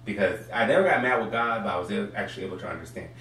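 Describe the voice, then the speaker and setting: On a casual talk show, a male guest who bakes sweet potato pies speaks earnestly and reflectively, growing playful when he teases the host. His voice sits on the low side with a fairly bright tone, and he talks very fast. The room is echoey, the mic distant, and faint crowd noise can be heard.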